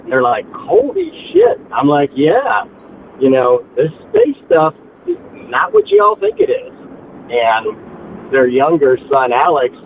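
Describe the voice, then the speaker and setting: A man's voice: medium pitch, a little hiss or hum. Man calling in over a tinny phone line. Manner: animated storyteller, mimics relatives. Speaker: caller. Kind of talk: casual phone-in chat.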